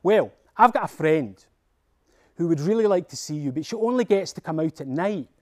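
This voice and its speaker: A man's voice: a little high, lively intonation, moderate pace, natural voice. A man with a Scottish accent voicing an eager, polite young boy on a quest. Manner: eager and cheeky.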